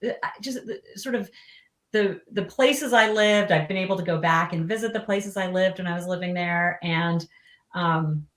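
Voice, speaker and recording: A woman's voice: lowish voice, normal speed, a bit bright. A woman from Long Island, a guest author in a casual interview, talking thoughtfully with many restarts. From Long Island, United States. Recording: roomy echo.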